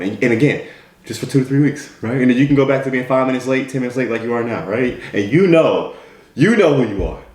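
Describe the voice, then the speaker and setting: An American man acting as a mentor gives a motivational talk in a medium-pitched, slightly mellow voice. He is direct and repetitive, asking "right?" again and again, and the recording has a roomy echo.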